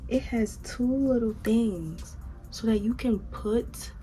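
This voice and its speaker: A woman's voice: fairly high pitch, slow pace, mellow, faint music behind. A young American woman chatting casually to her viewers while unboxing and fitting a wig. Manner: chatty, talks straight to viewers with "y'all". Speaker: vlogger.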